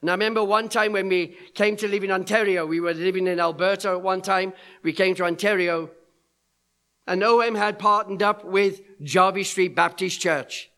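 Male preacher, middle-aged, bright tense tone; animated storyteller. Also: high voice, moderate pace. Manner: animated storyteller acting out quoted voices. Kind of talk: sermon storytelling.

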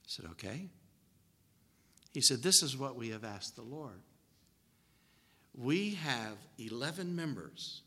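A man's voice: medium pitch, lively intonation, takes it slowly, pauses often, bright, forceful tone, slightly rough, in a large hall. A man preaching a sermon, telling a personal story in a folksy, anecdotal way.

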